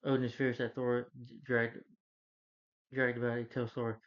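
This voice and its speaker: A man talks through a movie's plot in a loose, rambling recap that leans on "like" and "you know" again and again. His voice sits at an ordinary middle pitch. The recording sounds dull and lo-fi. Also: completely flat delivery, moderate pace. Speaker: movie reviewer.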